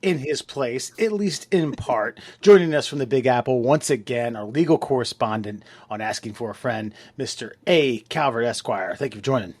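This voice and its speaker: A man's voice: mid-range voice, moderate pace, hardly any pauses, husky, no room sound. A man hosting a comedy podcast in a loose, joking way, swearing and stumbling over his words. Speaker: podcast host. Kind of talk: casual comedic podcast chat.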